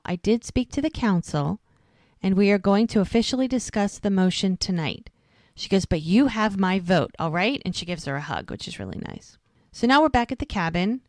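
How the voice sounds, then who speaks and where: A woman's voice: mid-range voice, no echo. A woman in casual podcast chat, walking through a TV episode scene by scene and acting out the lines with a string of "she's like" and "she goes." Her voice sits in a middle range and sounds close and dry, with no room around it. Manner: retells scenes by quoting characters, lots of "she's like". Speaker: podcast co-host recapping a TV episode.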